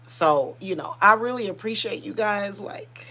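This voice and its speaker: A woman's voice: medium pitch, lively intonation, a little slow, sharp tone. A woman who hosts a spiritual reading channel, speaking in casual, emotional livestream chat with many restarts. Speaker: spiritual reader and channel host.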